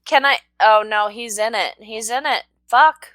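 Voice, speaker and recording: A woman's voice: fairly high pitch, unhurried, no echo. A woman playing a tabletop game, chatting, laughing and swearing after a few beers. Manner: lively, laughing, swearing, has been drinking. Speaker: player. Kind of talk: casual game chat.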